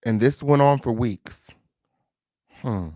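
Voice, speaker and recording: Taking it slowly in a warm, mid-range voice, a man reacts to news on a live commentary stream, addressing viewers in a sassy, chatty way. Catchphrases recur alongside mock-dramatic asides, and the clean studio recording has no room sound.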